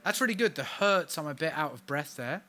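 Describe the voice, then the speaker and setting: Over loud background music, a young singer-songwriter on a live stream from his recording session talks briskly in a voice on the high side with lively intonation, mocking himself through soft muttered remarks.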